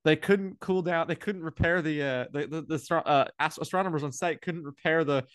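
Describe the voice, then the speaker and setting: A playful man tells stories in an animated, casual way. His voice sits in an ordinary middle range and is recorded dry and close, with no room sound. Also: a little high, fairly quick, clean tone, no room sound. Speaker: astronomy researcher. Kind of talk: casual conversation.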